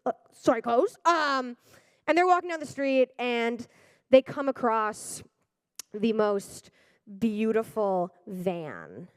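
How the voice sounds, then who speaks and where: A woman doing a stand-up comedy set on stage, animated and swearing, often breaking into loud acted-out voices. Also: on the high side, takes it slowly, clear, resonant tone, no echo, clean studio sound. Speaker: stand-up comic. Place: stage before a live audience.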